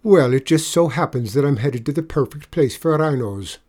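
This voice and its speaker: A man's voice: medium pitch, expressive, normal speed, darkish tone, close to an everyday voice. A man reading a storybook aloud and voicing a friendly, easygoing bush pilot.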